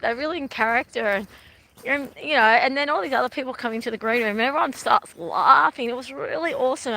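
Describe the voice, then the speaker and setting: Walking by a river outdoors, a middle-aged Australian vlogger rambles casually to her live stream and laughs a lot. She sounds a little high, pushed and bright.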